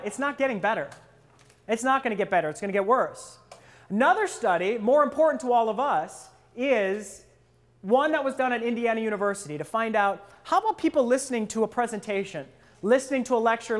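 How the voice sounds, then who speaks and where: Man quizzing a workshop audience. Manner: interactive, quizzes the audience with questions; acts out listeners' inner thoughts in a lower voice. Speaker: presentation skills trainer. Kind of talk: live workshop talk to an audience.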